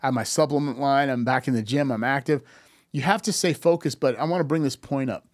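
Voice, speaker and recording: A man in his fifties, guesting on a podcast, talks casually in a brisk, medium-pitched voice. The studio recording is clean with no room sound. He tells stories animatedly, acts out quoted dialogue, and often restarts his sentences.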